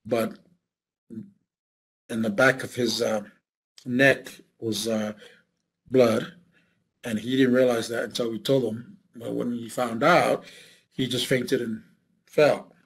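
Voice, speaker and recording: A man tells his own war memories in an oral history interview. His voice is husky and his pitch sits in an ordinary middle range. He pauses often, fills the gaps and restarts his sentences. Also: little pitch movement, rough recording. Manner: halting, many fillers and restarts. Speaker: veteran recounting service.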